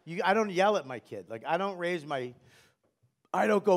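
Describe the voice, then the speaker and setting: Loud, profane man. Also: high-pitched, fast. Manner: loud, profane, animated storytelling. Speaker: guest comedian. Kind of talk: casual comedic podcast chat.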